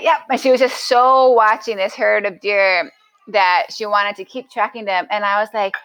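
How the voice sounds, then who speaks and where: A woman's voice: mid-range voice, moderate pace, a bit bright, low-quality recording. A woman, a podcast guest, telling a story casually with lots of restarts and acted-out quotes.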